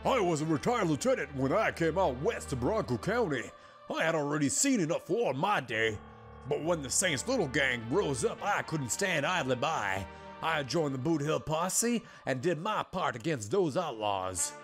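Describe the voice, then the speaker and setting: A weary retired army lieutenant who has seen enough war, as a man voices him. He speaks in a put-on western drawl, steady and plainspoken, slightly raised in pitch. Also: normal speed, soft background music. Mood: grim. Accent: put-on Old West drawl.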